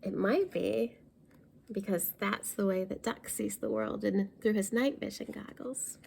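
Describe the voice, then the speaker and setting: Library lady reading a kids book out loud, warm low tone, stops to explain words. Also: fairly even intonation, gravelly, a little hiss or hum. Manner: pauses to explain words for young listeners. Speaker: library storytime reader. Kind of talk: reading a picture book aloud to children.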